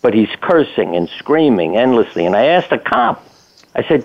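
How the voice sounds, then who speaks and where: A man's voice: medium pitch, sing-song, moderate pace, a little mellow. Older man telling stories over a phone. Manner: anecdotal, plainspoken, casual swearing. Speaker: physician and interview guest. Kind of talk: conversational storytelling. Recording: tinny phone line.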